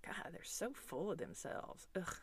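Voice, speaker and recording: A woman's voice: lowish voice, big pitch swings, measured pace, a little hiss or hum. A woman voicing judgmental shoppers who whisper catty remarks to each other. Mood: sneering. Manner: hushed, catty muttering.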